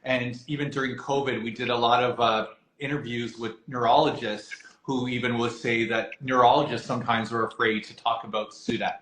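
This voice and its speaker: A man's voice: mid-range voice, little pitch movement, moderate pace, few pauses, a bit bright. A man hosting a casual video-call interview, rambling through his questions with fillers and apologies. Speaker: interviewer for an epilepsy alliance. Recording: echoey room, faint background noise.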